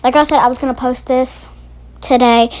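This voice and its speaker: A woman's voice: high voice, steady tone, moderate pace, poor audio. A woman telling a rambling storytime vlog in a chatty way, full of restarts. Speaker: vlogger.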